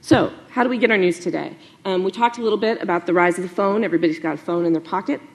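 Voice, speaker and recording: A woman journalist giving a lively talk to an audience, animated, with many fillers and asides. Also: on the low side, rapid-fire.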